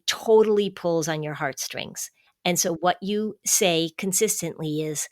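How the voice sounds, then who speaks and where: Middle-aged woman host, lowish voice, dry close mic, calm and emphatic advice. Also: no room sound. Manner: calm, warm-hearted, emphatic, slows for stress. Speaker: podcast host, anxiety expert. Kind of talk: advice podcast, explaining.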